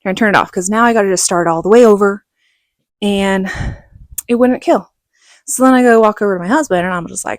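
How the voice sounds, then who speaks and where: A middle-aged woman telling a personal story in a casual vlog, animated and laughing, acting out what others said. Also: medium pitch, fast, no echo. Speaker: vlogger.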